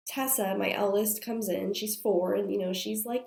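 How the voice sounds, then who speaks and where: A woman's voice: medium pitch, fairly even intonation, measured pace, vocal fry, a little mellow. A woman in her thirties, sick and straining her voice, hosting a podcast and telling a candid story with plenty of fillers. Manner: chatty and confessional, many fillers. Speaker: podcast host. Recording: roomy echo.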